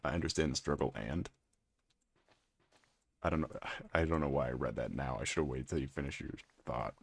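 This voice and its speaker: Extremely deep gravelly man streaming. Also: a little fast. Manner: chatty, teasing, reads and answers chat aloud. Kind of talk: casual live-stream chat while playing.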